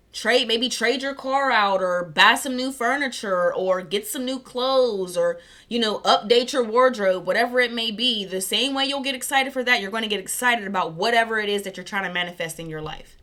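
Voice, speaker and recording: A woman giving a casual spiritual reading, chatty and excited, tripping over her words, with a scratchy throat. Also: medium pitch. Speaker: tarot reader. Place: warm room at home.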